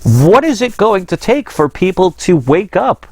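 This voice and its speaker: A man's voice: sits high, big pitch swings, measured pace, slightly rough, no echo. A man hosting his own channel, talking in a casual monologue that is earnest, rambling and frustrated. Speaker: channel host.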